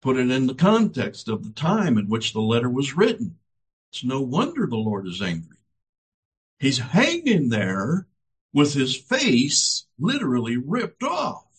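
A man preaching a sermon, building each point through dramatic repetition. His voice is husky, and his pitch rises and falls widely. He speaks at a slow, deliberate pace. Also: huge pitch swings. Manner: dramatic, emphatic, repetitive phrasing.

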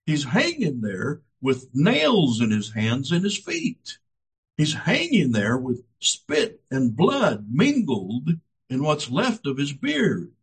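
A man preaching a sermon, building each point through dramatic repetition. His voice is husky, and his pitch rises and falls widely. He speaks at a slow, deliberate pace. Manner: dramatic, emphatic, repetitive phrasing.

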